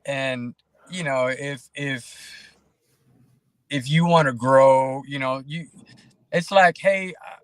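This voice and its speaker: A man in casual podcast conversation as a guest, talking in an animated, preachy way and acting out quoted voices. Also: medium pitch, slow pace, pauses often.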